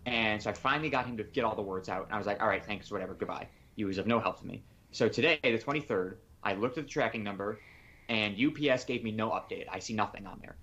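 A man's voice: lowish voice, fast, a bit bright, dull audio. A man co-hosting a podcast, telling a rambling story in casual chat and quoting people he spoke to on the phone. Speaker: podcast co-host.

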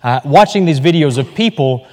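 A male pastor preaches with fervent emphasis, often doubling back on words to drive a point home. His voice sits a little on the high side. It carries with a long reverb, as in a church sanctuary. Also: animated, moderate pace, darkish tone. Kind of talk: sermon.

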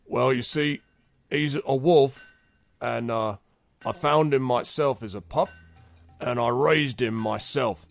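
A man's voice: mid-range voice, takes it slowly, vocal fry, soft background music. A man doing a wary camp animal keeper. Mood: matter-of-fact.

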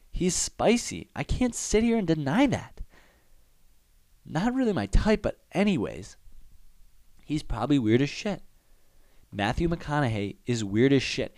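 A man's voice: lowish voice, darkish tone, no room sound. Profane rambling young man riffing. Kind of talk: casual comedic rant.

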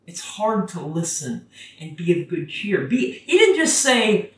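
A preacher giving a casual, conversational sermon that gets animated when quoting scripture. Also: medium pitch, unhurried. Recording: roomy, from a distance.

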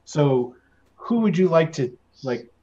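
A man's voice: a little high, lively intonation, takes it slowly, dark tone. A man running a tabletop game as game master, casual and laughing often. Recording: dull lo-fi audio.

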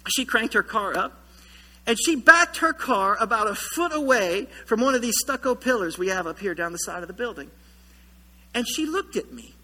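A man preaching a sermon as pastor in a church, telling a story with lively humor. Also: high-pitched, normal speed, in a large hall. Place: church sanctuary.

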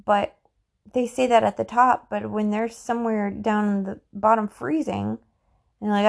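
A woman's voice: medium pitch, steady tone, moderate pace, creaky. A middle-aged woman hosting a motivational podcast, talking to listeners in an encouraging, chatty way and often repeating herself. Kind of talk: motivational talk.

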